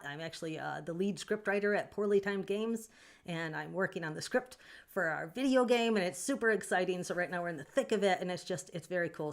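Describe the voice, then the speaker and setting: Woman, livestream host, lower-pitched, chatty and upbeat, casual chat with viewers. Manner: chatty, upbeat, reads viewer comments aloud with quick sympathy and jokes. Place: home.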